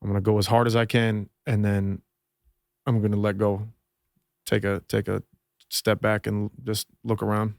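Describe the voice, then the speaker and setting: A rapper from Minnesota, talking as a podcast guest in a laid-back, loose, profane way. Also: male voice, lowish voice, monotone, moderate pace, vocal fry, dry recording, clean studio sound. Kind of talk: casual chat.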